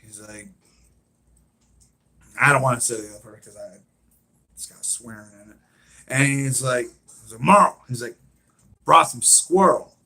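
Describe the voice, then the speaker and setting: A man's voice: medium pitch, fairly even intonation, moderate pace, pauses often, bright, forceful tone. A man hosting a live stream, chatting casually and rambling as he retells scenes with lots of fillers.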